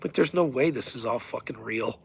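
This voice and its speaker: A man ranting in a rambling, profane, excitable way about cryptids and conspiracies in a casual vlog. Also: medium pitch, brisk, creaky, a little hiss or hum. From Colorado, USA. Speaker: vlogger.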